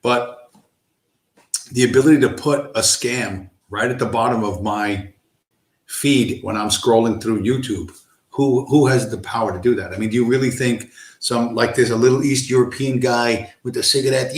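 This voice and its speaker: A man's voice: mid-range voice, moderate pace, reverberant. A man hosting a livestream, ranting in a heated, profane, blunt monologue. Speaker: livestream host.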